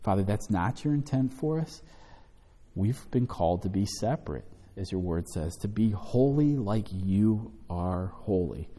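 A man teaching an evening Bible study as pastor, then leading a closing prayer. He speaks in a measured, earnest way and slows down to read scripture aloud. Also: on the low side, expressive, mellow. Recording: long hall reverb.

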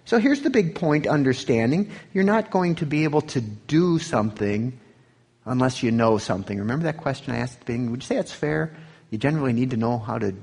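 A man teaching a sermon, reading scripture aloud with swelling emphasis and dropping low for asides. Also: a little mellow, breathy edge. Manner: rises in pitch and volume on quoted scripture, drops low on asides. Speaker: pastor teaching a Bible study.

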